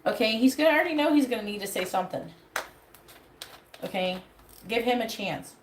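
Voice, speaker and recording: A woman's voice: on the high side, animated, a little fast. Woman, tarot reader, blunt, swears freely, casual advice, echoey room, faint hiss. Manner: blunt, profane, advice-giving. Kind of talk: live-stream tarot reading.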